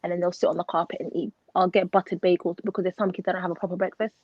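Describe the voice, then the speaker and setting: Fast-talking woman on a dull line. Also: fairly low pitch, flat delivery, darkish tone, no echo. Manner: emphatic, advice-giving. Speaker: teacher, co-host. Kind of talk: casual chat. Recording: dull lo-fi sound.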